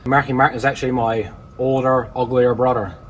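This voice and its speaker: A plain-spoken man with a Newfoundland accent, chatting easily about his car projects in a vlog. His dry humour comes through in a voice of ordinary pitch, with faint ambient and vehicle noise behind him. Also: fairly even intonation, normal speed, rough recording. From Newfoundland, Canada. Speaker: car-flipping YouTuber. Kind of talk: casual vlog talk.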